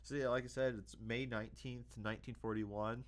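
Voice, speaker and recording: A man's voice: mid-range voice, fairly even intonation, brisk. A young man hosting a casual history video, hesitant, with many fillers and self-corrections.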